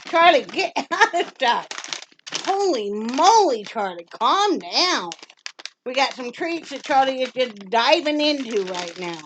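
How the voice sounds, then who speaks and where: Chatty woman vlogger with lively dogs. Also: high voice, rough recording. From Wyoming, USA. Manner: chatty, keeps breaking off to scold and coo at her dogs. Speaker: vlogger unboxing a dog subscription box. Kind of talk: casual unboxing vlog chat. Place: home with dogs around. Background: dogs moving and making noise.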